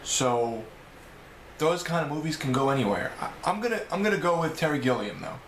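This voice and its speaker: A man's voice: fairly high pitch, lively intonation, fairly quick, a bit bright, echoey room, slight background noise, rough recording. A man with a New York accent answering a list of questions in a casual, rambling video blog, often correcting himself. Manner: rambling, self-correcting, chatty. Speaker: video blogger. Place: home room.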